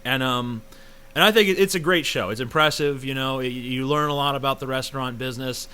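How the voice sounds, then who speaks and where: Young American guy doing a sweary, rambling review rant; crisp, bright voice. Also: mid-range voice, brisk. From United States. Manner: profane, rambling, sarcastic. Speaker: video reviewer. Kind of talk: casual ranting review.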